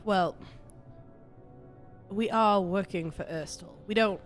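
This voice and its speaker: A woman's voice: medium pitch, takes it slowly, soft background music. A woman playing her character in a tabletop game, talking frankly and casually, with the odd swear word. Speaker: player. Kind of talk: tabletop game role-play.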